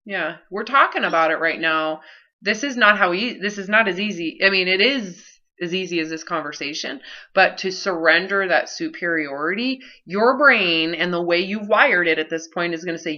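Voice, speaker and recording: A woman with a lowish voice coaching a client one-on-one, blunt and challenging. Her tone is sharp and forceful. The sound is the muffled audio of a video call. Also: moderate pace. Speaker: health coach.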